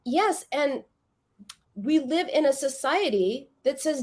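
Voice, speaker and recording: A middle-aged woman speaks as an expert guest, explaining her method in an even, mid-pitched voice. She tells stories with animation and briefly puts on the voices of the people in them. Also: takes it slowly. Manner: animated storytelling, acts out quoted voices. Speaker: psychoanalyst guest. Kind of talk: interview conversation.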